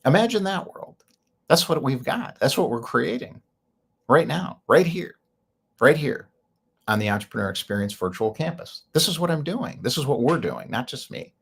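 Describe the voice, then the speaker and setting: Man, host, gravelly voice, husky tone, rambling and opinionated. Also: medium pitch, animated, moderate pace. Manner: rambling, opinionated, laughs often. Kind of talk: casual monologue.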